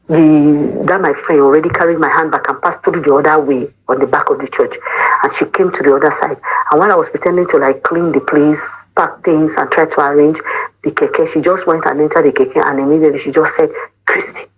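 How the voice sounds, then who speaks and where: A woman's voice: deep voice, a little fast, breathy edge, rough recording. Woman telling a dramatic story. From Cameroon. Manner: animated storyteller who acts out the quoted speech of others; mixes pidgin words into her English. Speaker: former church choir member. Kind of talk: emotional personal testimony.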